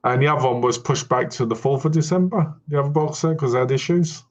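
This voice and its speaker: Relaxed rambling man on a muffled stream. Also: medium pitch, quick pace. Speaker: live stream co-host. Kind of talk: casual chat. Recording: slightly muffled stream audio.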